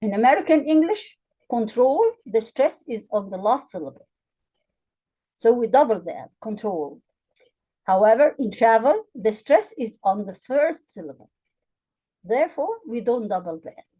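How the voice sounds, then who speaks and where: A woman teaching English grammar to learners, with an Arabic accent. She speaks slowly and deliberately, spelling out letters and repeating example words clearly. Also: a little high, big pitch swings, mellow, muffled recording.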